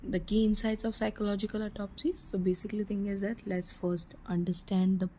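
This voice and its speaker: A woman's voice: medium pitch, flat delivery, a little fast, warm tone, rough recording. Hesitant woman explaining forensics, faint hiss. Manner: hesitant, many fillers and restarts. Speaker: forensics channel presenter. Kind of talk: informal educational talk.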